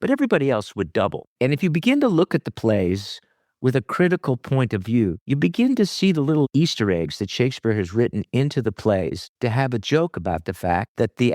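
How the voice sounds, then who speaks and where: A man who is a theater director and acting teacher, explaining acting technique in an interview in an animated, emphatic, teacherly way. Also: on the low side, no echo, studio quality.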